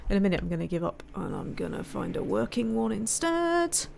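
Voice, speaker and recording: A woman's voice: mid-range voice, sing-song, normal speed, gravelly, few pauses, a little mellow. A woman giving casual let's-play commentary, chatting to herself and muttering frustrated asides while she builds. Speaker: game streamer.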